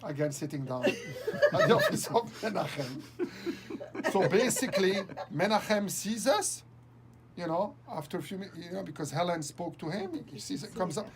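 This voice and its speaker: A man as an interview guest, telling a story with lots of laughter and halting restarts. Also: sits high, big pitch swings, background noise. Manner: laughs often, halting restarts, acts out quoted dialogue. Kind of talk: animated storytelling anecdote.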